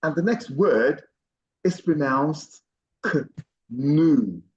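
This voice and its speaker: A man teaching pronunciation in an online class, encouraging and repeating each word slowly several times. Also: mid-range voice, expressive, muffled recording, a little hiss or hum. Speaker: pronunciation coach.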